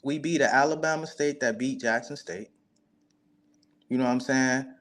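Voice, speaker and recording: A man's voice: mid-range voice, moderate pace, fairly bright tone. Proud Chicago-accented man fan. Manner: proud, boastful about his team. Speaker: guest fan. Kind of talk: casual sports talk.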